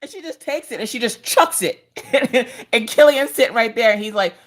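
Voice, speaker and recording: A woman in her thirties hosting a craft livestream, telling animated family stories in casual chat. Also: moderate pace. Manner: animated storytelling, jumps to high squeals in quoted voices.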